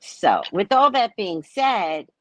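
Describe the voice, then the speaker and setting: A sarcastic woman from New York gives a tarot reading on a live stream. She talks slowly, and her pitch swings widely as she lingers on each point. Her voice is close and dry, with no room sound around it. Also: big pitch swings, dry recording. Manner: sarcastic, laughs at her own jokes. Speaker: psychic tarot reader.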